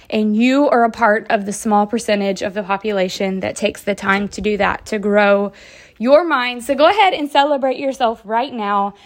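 Upbeat woman hosting a motivational podcast. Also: on the high side. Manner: upbeat, encouraging, chatty with many fillers. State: slightly out of breath. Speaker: podcast host.

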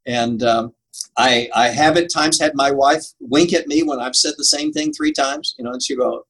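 A man's voice: medium pitch, sing-song, normal speed, vocal fry, a bit bright, breathy edge, low-quality recording. An older man answering interview questions about preaching, earnest and emphatic, laughing at himself now and then. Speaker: preaching coach.

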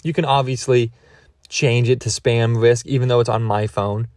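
A man's voice: mid-range voice, steady tone, moderate pace, a little mellow, no room sound, clean studio sound. A young man hosting a podcast, telling a meandering comic story with lots of restarts and jokes at his own expense. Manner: meandering, self-mocking, full of restarts. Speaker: podcast host. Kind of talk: rambling comedic storytelling.

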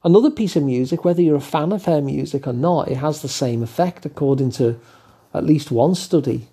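An older man with an English accent, talking gently and thoughtfully as host of his own show, musing with asides. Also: a little high, brisk, husky. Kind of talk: reflective solo talk.

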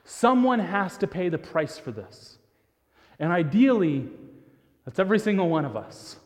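High-voiced preacher in an echoing hall. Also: male voice. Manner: earnest, repeats words as he restarts; drops to a soft, hushed voice for emphasis. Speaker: pastor. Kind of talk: sermon. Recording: long reverb of a large hall.

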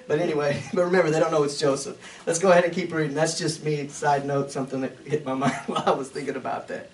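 A high-pitched man teaches scripture verse by verse like a pastor, talking it through casually and chuckling at his own asides. His voice sits some way back from the microphone, so it sounds distant. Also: fairly even intonation, fast talker. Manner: conversational, chuckling asides between readings. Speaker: pastor teaching a Bible study.

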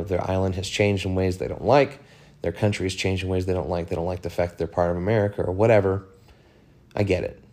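Deep-voiced guy doing a solo podcast rant, swears a lot, rambles with lots of "you know"s. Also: darkish tone. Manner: profane, frank, rambling with many fillers. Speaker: podcast host. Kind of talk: casual solo monologue.

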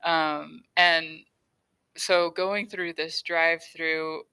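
A woman's voice: low voice, flat delivery, very slow, sharp tone, smooth, low-quality recording. A young woman hosting her own podcast, chatting casually and laughing often as she tells a story. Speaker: podcast host. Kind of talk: casual solo podcast talk.

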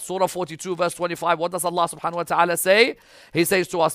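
A man preaching a religious sermon, swinging between loud emphatic appeals and hushed storytelling. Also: fairly high pitch, quick pace, no echo, clean studio sound.

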